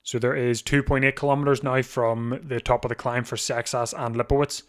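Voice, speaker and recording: A man's voice: medium pitch, little pitch movement, clear, resonant tone. A man hosting a live watch-along of a bike race, chatting casually with frequent restarts, sleepy and yawning. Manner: chatty, thinks aloud with restarts, quick to laugh. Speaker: live stream host.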